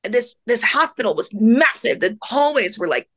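Woman, interview guest, bright forceful tone, fairly high voice, casual animated storytelling, acts out voices. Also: moderate pace. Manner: casual, filler-heavy speech with many "like"s. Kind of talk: emotional personal storytelling in conversation.

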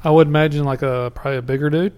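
A man with a somewhat high voice joining a casual chat. He chimes in with quick wisecracks and short reactions. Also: fairly even intonation, darkish tone, clean tone.

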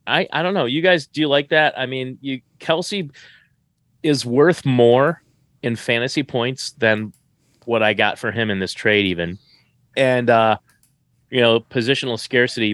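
A man's voice: mid-range voice, measured pace, a bit bright, no room sound. A man co-hosting a fantasy football show, chatting casually and correcting himself as he rambles. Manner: rambling, self-correcting, upbeat. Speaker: fantasy football podcast co-host. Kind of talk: casual chat.

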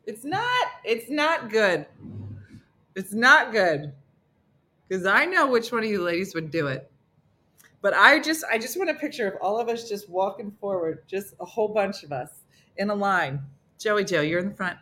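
A woman's voice: medium pitch, expressive, unhurried, long pauses, bright, forceful tone. A woman hosting a casual comedic morning show, playful and teasing, often laughing as she talks.

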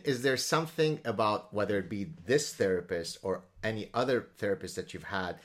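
A man's voice: on the low side, a little fast. A man from the Middle East hosting an interview, talking in an academic way with stammered restarts. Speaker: podcast host. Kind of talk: conversational interview.

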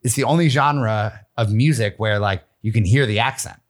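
A man's voice: on the low side, moderate pace. A man co-hosting a podcast, joking loosely and swearing freely. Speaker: podcast co-host. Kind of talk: casual chat.

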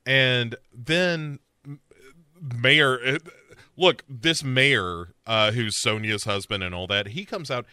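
A man's voice: medium pitch, takes it slowly, bright, forceful tone, clean tone, no echo. A man co-hosting a podcast, recapping a TV show in casual chat, joking and laughing often. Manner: joking, laughs often, mimics characters in silly voices. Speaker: podcast co-host.

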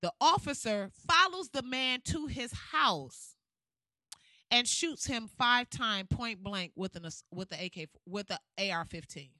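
A woman's voice: on the high side, lively intonation, a little slow, pushed and bright, no room sound. A woman giving casual ranting commentary in a blunt, profane, fired-up way.

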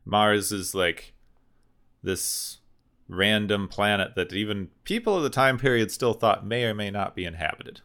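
Podcast co-host, male, low-ish bright voice, rambling recaps. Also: animated, unhurried. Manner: recaps plot in long run-on sentences. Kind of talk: casual podcast discussion.

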